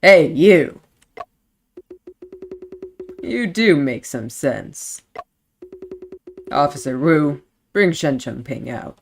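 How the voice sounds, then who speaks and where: A woman's voice: deep voice, animated, extremely slow, gravelly, long pauses, soft background music, voice pushed down, heavily acted. A woman voicing a stern male police sergeant who barks orders at an officer. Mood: commanding. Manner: barking, authoritative.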